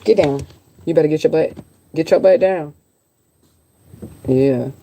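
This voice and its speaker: A woman's voice: low-pitched, unhurried, noisy background. A woman reading tarot in a casual livestream chat, blunt, chatty and freely profane. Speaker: tarot reader.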